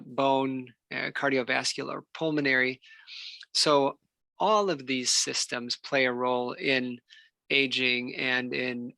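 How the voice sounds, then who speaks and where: A man, a physical therapist giving a relaxed, unscripted health talk full of fillers and restarts. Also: medium pitch, dry recording. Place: church hall.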